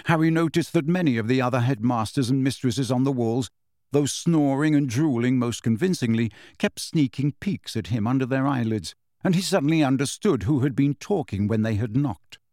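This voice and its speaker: A man narrating an audiobook in expressive storytelling fashion. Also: medium pitch, normal speed, no room sound, studio quality. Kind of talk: scripted narration.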